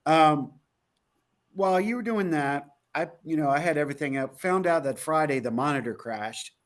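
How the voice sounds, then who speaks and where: Male co-host, rather high voice, lively storyteller who acts out quotes. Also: normal speed. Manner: animated storyteller, acts out quotes, laughs often. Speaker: podcast co-host. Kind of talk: casual chat recounting a trip.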